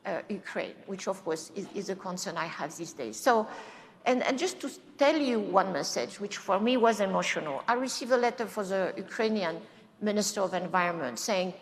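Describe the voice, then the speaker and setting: A woman speaking on a conference panel, impassioned, with halting non-native phrasing. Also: medium pitch, lively intonation. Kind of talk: panel discussion. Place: conference hall. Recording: long hall reverb.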